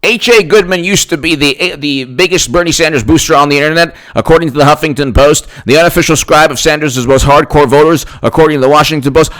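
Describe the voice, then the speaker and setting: Here the same political commentator sounds a little high and fairly bright, talking fast with few pauses. His solo rant rambles on, sarcastic and repetitive, as he imitates people in mocking put-on voices.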